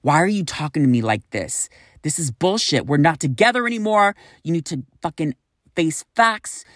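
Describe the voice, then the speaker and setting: A man's voice: fairly high pitch, animated, moderate pace, a bit bright, dry recording, studio quality. A man voicing an angry young man who is cursing and scolding his former partner. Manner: heated, profane.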